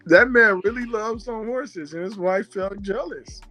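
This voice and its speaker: A woman hosting a casual chat show, telling stories in a lively, animated way. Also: medium pitch, a little slow, soft background music. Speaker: host.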